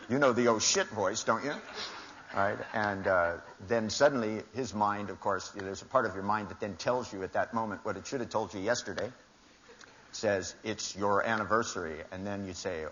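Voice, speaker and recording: Speaking at a moderate pace in a lowish, slightly bright voice, this older seminar speaker tells wry stories to an audience in a big hall, voicing each character differently. Slight background noise is audible on the dull, lo-fi live recording.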